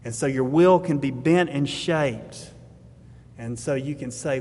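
A man's voice: on the high side, measured pace, darkish tone, a little hiss or hum. A middle-aged man, a pastor preaching a sermon, earnest and building to emphatic exhortation, with a fatherly tone. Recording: long hall reverb.

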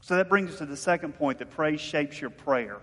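A man's voice: on the high side, moderate pace, fairly bright tone, big-room sound. A man preaching a sermon in a conversational, storytelling way, asking his listeners questions. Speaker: pastor.

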